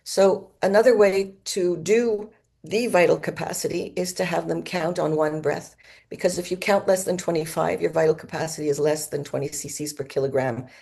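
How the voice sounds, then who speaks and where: A woman speaking at a medical conference, her voice low and mellow with a gravelly edge. She explains step by step in a steady lecturing manner and sometimes demonstrates symptoms with her own voice. She speaks into a microphone in an auditorium. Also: normal speed.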